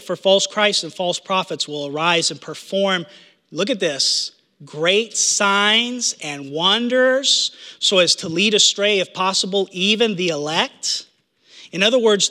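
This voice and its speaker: A man's voice: high-pitched, a little slow, pushed and bright. A man preaching a sermon earnestly, repeating phrases for emphasis, in a church sanctuary. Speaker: pastor. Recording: long hall reverb.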